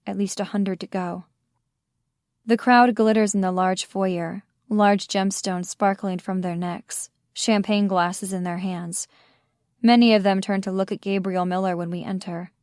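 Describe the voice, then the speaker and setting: A woman's voice: mid-range voice, a little mellow, dry recording. Woman narrating an audiobook, dry and close. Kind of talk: first-person audiobook narration.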